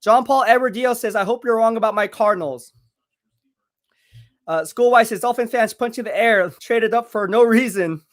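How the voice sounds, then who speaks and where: A high-voiced man hosting a live stream, talking in a hyped, chatty way and reading out comments from viewers. He sounds a little out of breath, as if he is exercising while he talks. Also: moderate pace. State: out of breath from curls. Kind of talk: live draft watch party, reading chat.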